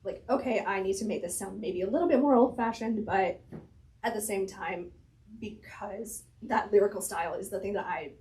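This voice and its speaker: A woman's voice: medium pitch, moderate pace, a little mellow, poor audio. Chatty woman, slightly strained voice. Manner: chatty, thinks aloud, laughs often. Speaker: author guest. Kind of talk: casual conversational interview.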